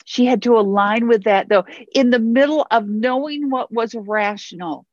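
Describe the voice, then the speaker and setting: A woman's voice: fairly high pitch, normal speed, dry recording, dull audio. A woman pastor preaching a sermon in an earnest way, repeating phrases for emphasis.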